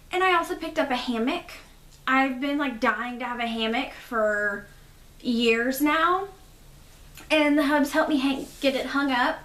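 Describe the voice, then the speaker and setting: A woman's voice: high voice, fairly bright tone. Stuffy-sounding woman chatting in a roomy space. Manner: chatty and rambling, with fillers. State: stuffy from allergies. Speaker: podcast host. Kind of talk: casual chat.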